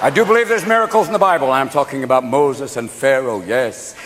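A man performing stand-up comedy, animated and loud, jumping into characters and shouting punchlines. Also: medium pitch, fairly quick, heavy background noise.

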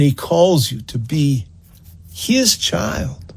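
Gravelly, unhurried animated male preacher. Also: fairly high pitch. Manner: animated storyteller, acts out scenes; earnest, exhorting. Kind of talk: sermon.

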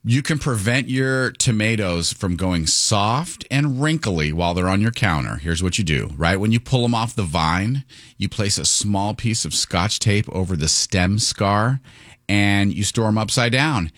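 A man's voice: on the low side, lively intonation, unhurried, a bit bright, dry recording, clean studio sound. A man hosting a radio morning show, chatting in a joking, self-deprecating way. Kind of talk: casual on-air banter.

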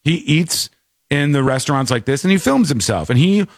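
A man's voice: on the high side, lively intonation, normal speed, no room sound. A man hosting a talk radio show, chatting casually and laughing as he mimics people in mocking quotes. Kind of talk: casual on-air commentary.

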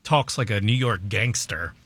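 A man's voice: fairly low pitch, moderate pace, slightly rough. A man co-hosting casual studio banter, giving opinionated movie takes. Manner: opinionated, animated movie critique.

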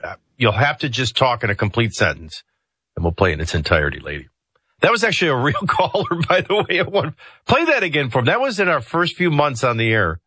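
A middle-aged man hosting a talk radio show, giving conversational political commentary with digressive, animated asides. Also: medium pitch, a little fast, breathy edge, no room sound.

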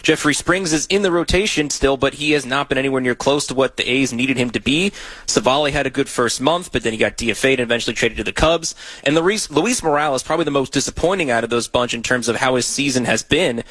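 A man co-hosting a casual sports talk show, giving a quick analytical rundown. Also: mid-range voice, fairly bright tone, no room sound, low-quality recording. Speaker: podcast co-host.

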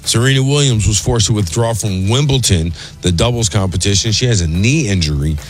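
A man reading a sports news update on radio in a brisk, even newsreader manner. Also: lowish voice, faint music behind. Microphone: studio mic.

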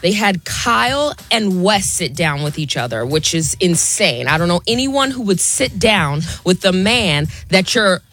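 A woman on a radio show excitedly recapping a TV episode in a fast, chatty way. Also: fairly low pitch. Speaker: radio co-host.

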